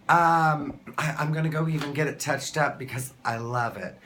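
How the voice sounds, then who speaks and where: A man telling a story to camera in a casual vlog, excited and gushing, often restarting his sentences. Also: fairly high pitch, moderate pace, hardly any pauses, slight background noise. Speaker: vlogger.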